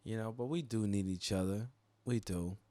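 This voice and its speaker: A man hosting a podcast, talking in an animated, profane way and laughing often. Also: on the low side, moderate pace, no echo. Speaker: podcast host. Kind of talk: casual podcast chat.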